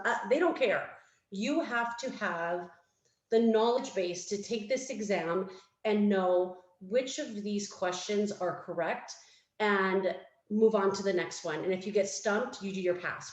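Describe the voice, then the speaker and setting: A woman on a fundraising panel, telling her story in a candid, animated way and acting out what others said. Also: mid-range voice, echoey room, low-quality recording. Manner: animated, candid, acts out quotes. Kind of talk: panel talk, casual storytelling.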